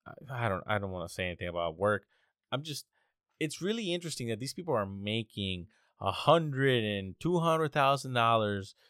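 A man's voice: medium pitch, fairly bright tone, no room sound, clean studio sound. A young man hosting a casual, rambling monologue, exasperated and swearing often. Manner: exasperated, profane, rambling with restarts.

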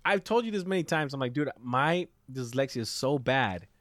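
A man telling a childhood story in casual chat, animated and swearing freely, dropping into Spanish phrases. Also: mid-range voice, normal speed, no echo.

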